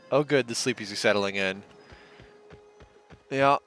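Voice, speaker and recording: A man's voice: medium pitch, a little slow, long pauses, a bit bright, soft background music. A man hosting a let's play, giving laid-back, casual commentary and muttering to himself as he plays.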